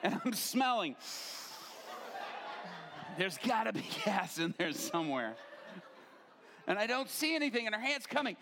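Animated male pastor telling a story. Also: high voice, measured pace, pauses often, a crowd in the background, background noise. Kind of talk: sermon storytelling.

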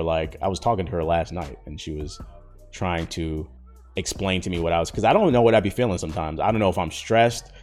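A man around thirty talking in slangy casual chat as a podcast host, rambling with lots of fillers. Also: deep voice. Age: 30s.

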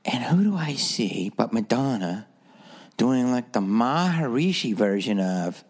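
A man's voice: medium pitch, big pitch swings, measured pace, husky. A man hosting a solo podcast, rambling through stories with a sarcastic edge. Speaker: podcast host.

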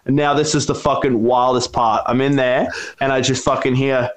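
A man's voice: mid-range voice, level tone, normal speed. A man casually telling a wild story, swearing constantly and acting out the voices in it. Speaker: storyteller guest.

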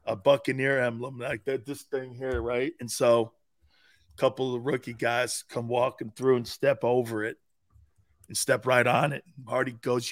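A middle-aged man co-hosting a casual sports talk show, telling stories loudly and with animation. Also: mid-range voice, moderate pace. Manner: loud, animated storytelling. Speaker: co-host.

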